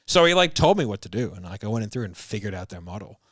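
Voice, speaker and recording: Fast and full of big pitch swings, this fairly low, bright voice with a breathy edge belongs to a thirtysomething business coach guesting on a podcast. He curses often, laughs mid-story, mimics what people said, and uses fillers like "like" and "bro," recorded dry with clean studio sound.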